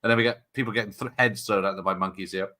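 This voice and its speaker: Man, low-pitched, bright tone, casual stream commentary, jokey and rambling. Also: fairly even intonation, rapid-fire. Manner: chatty, joking, rambling tangents. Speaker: watch party host.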